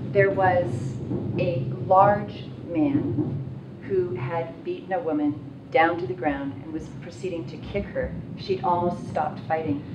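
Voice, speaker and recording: A woman telling a personal story at a workshop in an animated, self-mocking way. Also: on the low side, highs cut off. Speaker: workshop participant. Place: conference workshop room. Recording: roomy, distant, noisy room mic.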